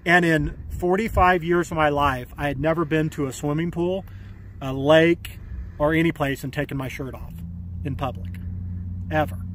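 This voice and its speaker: Man, 40s, high-pitched; loose, filler-heavy vlog storytelling outdoors. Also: fairly even intonation, moderate pace, slight background noise. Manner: rambling, full of fillers and restarts. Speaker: vlogger. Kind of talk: casual storytelling to camera. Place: outdoors by a community pool.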